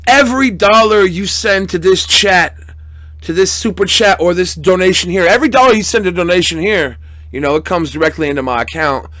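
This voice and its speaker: Brash, profane young man streamer, bright voice. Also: sits high, fairly quick, no echo, studio quality. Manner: crude, profane, mock-angry banter with chat. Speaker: live streamer. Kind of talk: casual live-stream chat reading donations.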